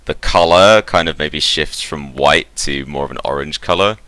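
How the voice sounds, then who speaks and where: Very deep-voiced game master narrating. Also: male voice, moderate pace, pushed and bright, dry recording. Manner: casual, rambling narration with fillers.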